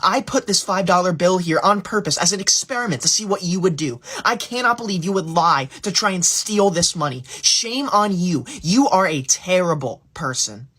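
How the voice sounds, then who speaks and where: A woman's voice: lowish voice, lively intonation, moderate pace, few pauses, a bit bright, slightly rough. A woman playing a self-righteous, tattling know-it-all schoolgirl in a comedy skit. She talks in a whiny, overdramatic way. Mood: smug.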